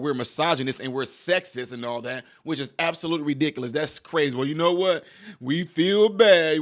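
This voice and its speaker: A man in a casual commentary vlog who talks quickly and with animation. His voice sits a little high, and he speaks straight to his viewers. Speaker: video commentator.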